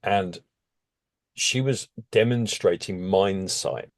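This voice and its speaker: A man recounting a story in relaxed conversation, his fairly low voice leaping up whenever he gets excited. The sound is close and dry, with no room around it. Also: slow pace, no room sound. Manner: animated, with sudden jumps in pitch. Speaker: interview guest.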